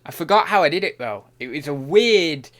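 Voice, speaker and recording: Bright-voiced man rambling on stream. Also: on the high side, animated, normal speed. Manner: rambling, thinking aloud, many restarts. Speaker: online reseller and streamer. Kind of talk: casual livestream chat while working.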